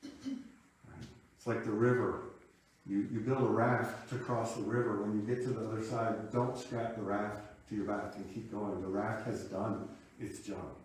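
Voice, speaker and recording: A fairly low, steady voice belongs to a minister in his fifties, speaking at a measured pace. Reflective and conversational, he relates a personal story in his sermon, captured from afar in an echoey sanctuary.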